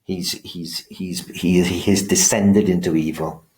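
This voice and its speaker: A man's voice: low voice, fairly even intonation, a little slow, darkish tone. A male teacher giving a revision lecture, talking emphatically and often restarting and repeating his words as he explains.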